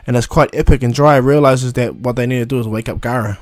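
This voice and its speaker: A man's voice: mid-range voice, fairly even intonation, fast, dry recording, clean studio sound. A man retelling a fan story casually, rambling with many fillers and restarts.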